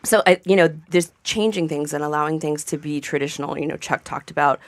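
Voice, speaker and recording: A woman's voice: deep voice, a little fast, no echo, clean studio sound. A woman chef talking casually on a radio panel, rambling with plenty of fillers. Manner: chatty, rambling with many fillers. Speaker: chef guest. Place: radio studio.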